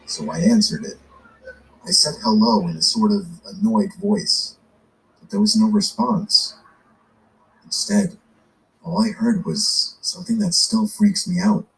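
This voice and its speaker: A man narrating a first-person scary story in a low, steady storytelling delivery. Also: gravelly, slight background noise, rough recording.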